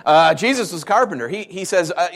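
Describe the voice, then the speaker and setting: A man's voice: sits high, lively intonation, fast talker, creaky, fairly bright tone. A man in his thirties preaching a sermon in a conversational way, with self-mocking asides and emphatic rises. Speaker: pastor.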